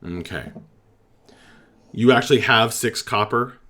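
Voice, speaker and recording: A man narrating a tabletop game as game master, slowly, with many pauses and fillers. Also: medium pitch, pushed and bright, faint music behind.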